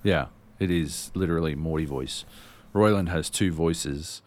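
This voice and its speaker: A man's voice: extremely low pitch, unhurried. A man co-hosting a podcast, talking in a loose, rambling way and swearing freely. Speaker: podcast co-host. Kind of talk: casual chat.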